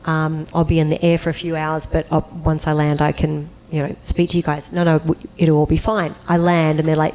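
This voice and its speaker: A woman on a convention panel telling an animated anecdote, acting out voices and breaking into high, laughing squeals. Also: a little fast, hardly any pauses, a little hiss or hum, poor audio.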